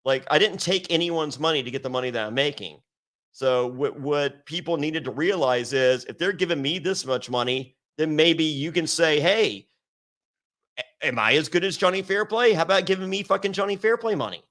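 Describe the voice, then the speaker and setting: Brash man from Virginia, fairly high voice, animated raconteur with constant profanity. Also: normal speed. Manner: animated, acts out quotes in raised voice, heavy swearing. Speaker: interview guest. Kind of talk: casual storytelling with profanity.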